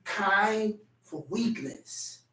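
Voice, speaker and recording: This sermon comes from a man whose high, expressive voice stretches out words and carries a sharp edge. While recounting a personal story, he performs the quoted voices himself. It was recorded from afar in a room full of echo.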